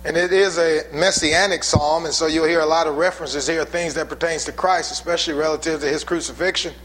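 A male pastor preaching a sermon, building from calm talk to shouted intensity. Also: fairly high pitch, a little fast. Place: church sanctuary.

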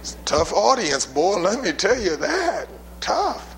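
Guy preaching, fairly high voice, gets loud then drops way down quiet, dramatic. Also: sing-song, moderate pace, slight background noise, low-quality recording. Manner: dramatic, swings from loud emphatic bursts to low quiet asides. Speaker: pastor. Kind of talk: sermon.

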